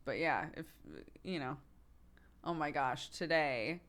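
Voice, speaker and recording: A young woman streamer casually telling a story, chatty and quick to laugh, with lots of "like" fillers. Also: deep voice, a bit bright.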